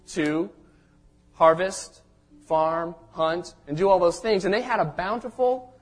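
Preaching to his congregation in a high-pitched voice, this pastor keeps the storytelling conversational. "Okay?" is his frequent way of making sure the listeners are with him.

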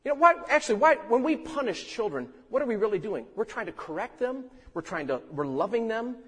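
Male preacher, high and husky, animated sermon delivery, long hall reverb. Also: brisk. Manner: animated storytelling preacher, acts out quotes. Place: church sanctuary.

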